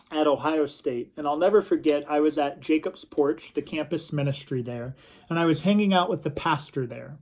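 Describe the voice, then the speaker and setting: A young adult man giving a recorded reflection sermon for a church youth group, telling stories slowly and earnestly. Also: a little high, mellow. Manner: slow, earnest storytelling.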